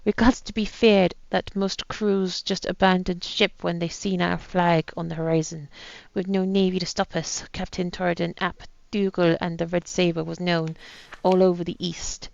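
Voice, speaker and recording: A woman voicing a dying, boastful old male pirate captain in a put-on rough pirate accent, reading his journal aloud. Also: fairly low pitch, flat delivery, moderate pace, hardly any pauses, no room sound, lo-fi sound.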